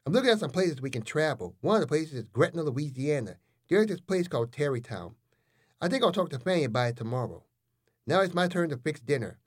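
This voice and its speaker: Animated man narrating comic stories. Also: a little high, a little fast, husky. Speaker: host and narrator. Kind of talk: comic storytelling.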